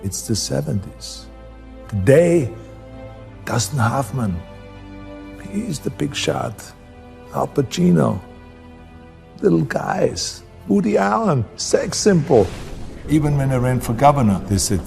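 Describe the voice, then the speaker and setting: A man's voice: mid-range voice, very animated, slow, creaky, pauses often, a little mellow, soft background music. A man with a strong German accent and German as his first language, giving motivational talk emphatically. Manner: emphatic, heavily accented, sometimes restarting words. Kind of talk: motivational speech and interview.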